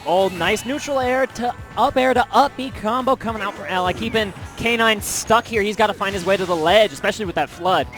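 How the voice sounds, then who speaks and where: A man calling play-by-play commentary for a fighting game tournament, reacting excitedly to the action. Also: sits high, soft background music. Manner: excited, quick calls of the action. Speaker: esports commentator. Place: large indoor tournament venue.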